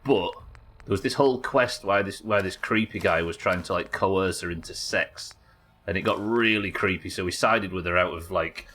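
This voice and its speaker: Sitting low in pitch, this young British man's voice sounds pushed and bright at a moderate pace. He offers live gameplay commentary, chatting and rambling casually while swearing and reacting out loud.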